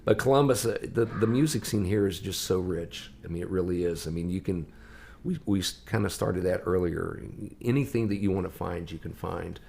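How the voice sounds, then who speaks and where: A man with a low, gravelly voice relaxes into a long anecdote in casual conversation. He acts out the voices of the people in his story and carries the listener along with it. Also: normal speed, slight background noise. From Ohio. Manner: lively storyteller acting out quoted voices. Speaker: guest musician.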